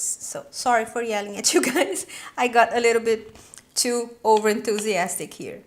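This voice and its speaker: A woman's voice: on the high side, normal speed. Bubbly woman hosting a cooking show. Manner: enthusiastic, exclamatory, chatty. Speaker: cooking channel host. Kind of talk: cooking demonstration.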